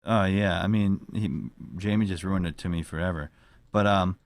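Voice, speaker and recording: A man's voice: deep voice, fairly even intonation, fairly quick, no room sound. A man hosting a casual podcast chat, rambling and joking with crude language. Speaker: podcast host.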